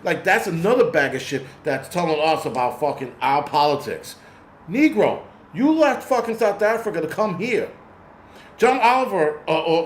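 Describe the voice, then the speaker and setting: A man's voice: on the high side, reverberant, a little hiss or hum. A man from the United States hosting his channel, giving an angry, profane, rambling livestream rant full of restarts. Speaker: host.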